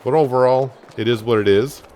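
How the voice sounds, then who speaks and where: A man's voice: medium pitch, a little fast, darkish tone, a little hiss or hum. A man casually commenting as he plays a farming game, thinking aloud with many fillers. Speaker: gaming channel host. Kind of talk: casual let's-play commentary.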